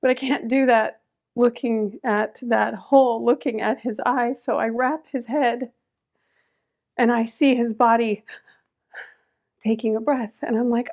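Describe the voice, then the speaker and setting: A middle-aged woman, a podcast guest, telling a personal story with strong emotion, moving between loud urgency and hushed quiet. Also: on the high side, steady tone, measured pace, long pauses.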